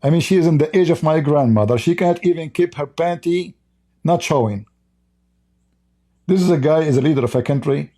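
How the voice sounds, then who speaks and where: His voice sits a little high with a dark tone, and he talks a little fast. He's a live streamer using English as a second language, reading viewer chat and delivering heated, blunt, mocking remarks in broken non-native English.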